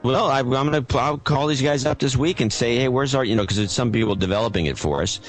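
A man co-hosting a podcast, talking in a dry, matter-of-fact, slightly gruff way. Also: mid-range voice, fast talker, faint music behind. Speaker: podcast co-host. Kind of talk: casual chat. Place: Silicon Valley, California.

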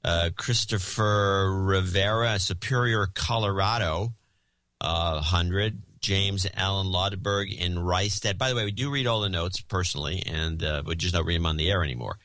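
A man with a low voice and a bright, forceful edge works through a list of donors with dry, sardonic asides. The sound is close and dry. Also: moderate pace, no echo. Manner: dry, sardonic, reads names and amounts in a steady rhythm. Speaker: podcast co-host. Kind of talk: casual chat, reading donor list.

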